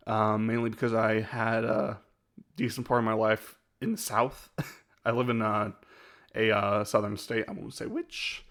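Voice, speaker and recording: A man chatting casually on a live stream as he ranks his own videos, rambling and hesitant and often laughing. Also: medium pitch.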